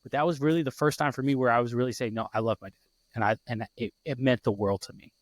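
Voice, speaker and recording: A man in his thirties, a podcast host, telling an emotional personal story in a heartfelt, halting way full of restarts. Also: medium pitch, no room sound.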